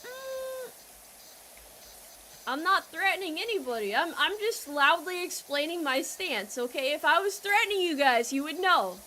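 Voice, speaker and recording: A young woman with an American accent streaming a game, talking to her chat in a loud, playful, teasing way. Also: very high-pitched, lively intonation, unhurried, slight background noise. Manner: playful, loud and teasing with chat, trailing into quiet mock apologies.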